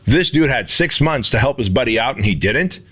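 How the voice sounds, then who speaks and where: A man's voice: medium pitch, expressive, a little fast, a bit bright, slightly rough. A middle-aged man co-hosting a podcast, speaking steadily in a coaching tone and addressing listeners directly. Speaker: podcast co-host. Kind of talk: motivational podcast talk.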